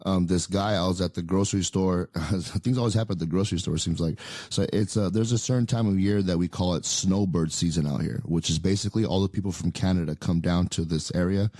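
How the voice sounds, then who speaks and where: A man's voice: low voice, fairly even intonation, brisk, hardly any pauses, dark tone, no echo, studio quality. A man in his thirties telling a story in casual podcast chat, rambling with many fillers and restarts. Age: 30s. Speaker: podcast co-host.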